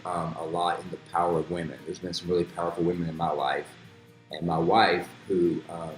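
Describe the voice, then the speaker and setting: Man, very low voice, friendly rambling interviewer, echoey room. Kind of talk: casual interview. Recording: roomy echo with faint music.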